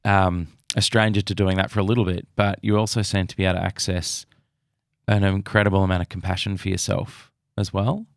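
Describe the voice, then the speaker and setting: Male podcast host, gravelly lowish voice, dry close sound. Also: little pitch movement, brisk, no echo. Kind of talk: conversational interview.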